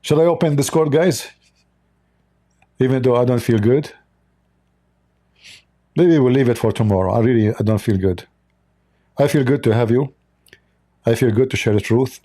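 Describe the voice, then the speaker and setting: Guy hosting a stream, mellow voice, sarcastic mocking tone, english not his first. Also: medium pitch, normal speed, pauses often. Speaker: livestream host. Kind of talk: livestream polemic commentary.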